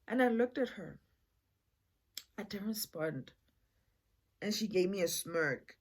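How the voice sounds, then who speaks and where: A woman's voice: mid-range voice, expressive, slow pace, long pauses, breathy edge. A young woman telling a casual storytime, rambling and chatty and mixing in Setswana phrases. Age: young adult. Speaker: vlogger.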